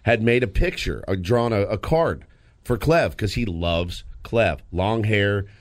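A man co-hosting a sports radio show, telling a story in a lively, casual way with frequent restarts, in a studio. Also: lowish voice, a little slow, no room sound. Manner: animated storyteller, lots of restarts.

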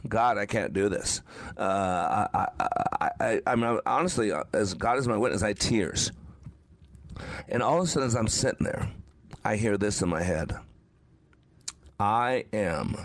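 A man's voice: on the low side, dry recording. A man hosting a motivational show, telling a personal story in an emphatic, repetitive way with faltering restarts.

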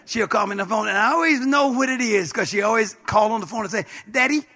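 A man's voice: sits high, fast talker, sharp tone. A man pastor preaching a sermon with emphatic, repetitive call-outs to the congregation.

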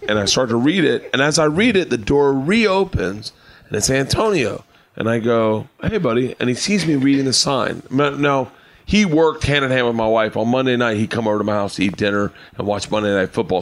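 A middle-aged man, a tipsy comedian, telling loud, animated stories on a late-night podcast backstage at a comedy club, laughing and talking over the others. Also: mid-range voice, normal speed.

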